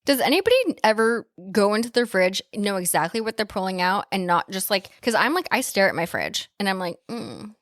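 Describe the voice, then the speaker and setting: A woman's voice: mid-range voice, animated, a little fast, few pauses, fairly bright tone, no room sound, clean studio sound. A woman co-hosting a casual podcast, bantering in a sassy, joking way with some swearing. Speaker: podcast co-host. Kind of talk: casual horror movie podcast chat.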